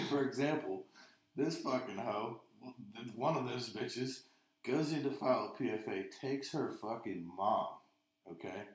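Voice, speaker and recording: A man's voice: mid-range voice, animated, a little slow, reverberant. A man on a podcast, telling rambling stories full of swearing in casual chat. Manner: profane, rambling storyteller. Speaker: podcast co-host.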